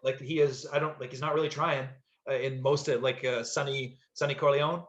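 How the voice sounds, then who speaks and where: A man's voice: medium pitch, steady tone, a little fast, a bit bright. Rambling man telling an anecdote. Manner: rambling, many fillers and restarts. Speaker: actor, podcast guest. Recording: slightly dull echoey room sound.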